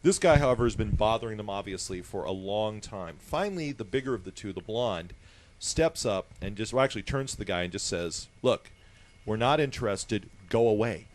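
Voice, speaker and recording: A man's voice: fairly low pitch, expressive, fairly quick. A man on a radio talk show telling a story with wry humor and acting out the quotes. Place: radio studio.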